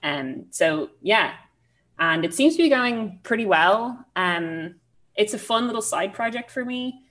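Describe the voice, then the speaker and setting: A woman's voice: mid-range voice, lively intonation, unhurried, fairly bright tone. A young woman in her twenties with an Irish accent, chatting casually as a podcast guest, self-deprecating and full of fillers. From Ireland. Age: 20s.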